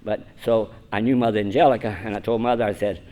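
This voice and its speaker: Older guy in his 70s, rambling storyteller, lowish voice, keeps chuckling at his own jokes. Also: fairly even intonation, fast talker, dark tone. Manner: rambling, self-mocking humor, chuckles often. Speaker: conference speaker. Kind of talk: personal storytelling talk. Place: church hall at a conference.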